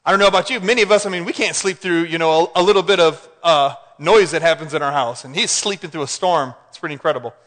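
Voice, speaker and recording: A man preaching a sermon in an animated way, often asking the congregation questions. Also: on the high side, fast talker, few pauses. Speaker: pastor. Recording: hall reverb.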